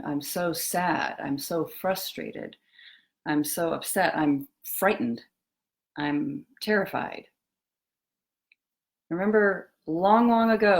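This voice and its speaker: A middle-aged woman giving a reflective talk on eating and emotions, speaking softly and slowly with pauses and trailing phrases. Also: low voice. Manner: slow, soft and musing, with pauses and trailing phrases.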